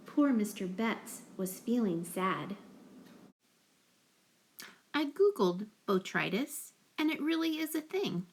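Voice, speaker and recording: A woman reads a rhyming picture book aloud to children, her voice slightly high and swinging widely in pitch. She takes it slow and rhythmic, pausing to quiz her young listeners, and the room answers with a clear echo. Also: sing-song, a little hiss or hum. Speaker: reader. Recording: roomy echo.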